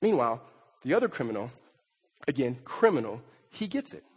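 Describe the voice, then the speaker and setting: A man's voice: mid-range voice, big pitch swings, a little fast, slightly rough. A married man preaching a sermon to his congregation, emphatic, often stammering over repeated words and acting out quotes. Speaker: pastor. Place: church sanctuary. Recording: long reverb in a big hall.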